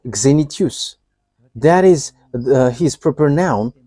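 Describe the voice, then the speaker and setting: A man preaching a live sermon, halting, with many fillers and restarts and frequent chuckles. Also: mid-range voice, lively intonation, warm tone, dry recording.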